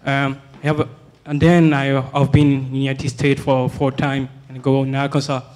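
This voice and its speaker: A man in the audience asking the panel a question, halting and searching for words. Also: medium pitch, little pitch movement, darkish tone. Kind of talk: question from the floor.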